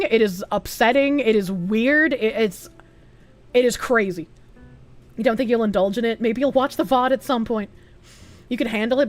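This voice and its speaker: A woman streamer chatting casually, answering viewer chat aloud and swearing freely. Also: on the high side.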